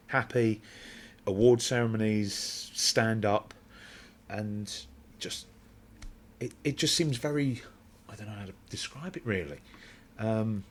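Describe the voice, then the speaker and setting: A man's voice: mid-range voice, a little hiss or hum. A man hosting a podcast and asking encouraging questions in an interview. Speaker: podcast host.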